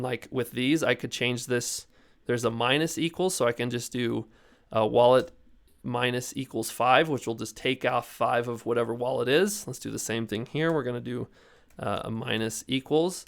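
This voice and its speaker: A man's voice: medium pitch, gravelly. A young man giving a casual coding lesson, talking loosely with lots of "like" and "you know" as he explains step by step. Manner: loose and chatty, heavy with fillers like "like" and "you know". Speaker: programming instructor.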